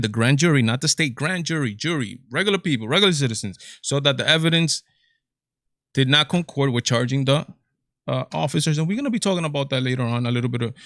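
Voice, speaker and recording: A man's voice: medium pitch, a bit bright, no room sound. Dry-sounding incredulous male host. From Latin America. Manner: incredulous, repetitive exclamations. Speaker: commentary video host. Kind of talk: reaction commentary.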